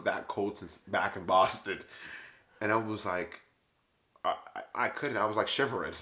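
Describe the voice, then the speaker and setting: A man telling travel stories in a casual, animated, exasperated way. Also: lowish voice. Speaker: vlogger. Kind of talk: casual storytelling. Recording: echoey room.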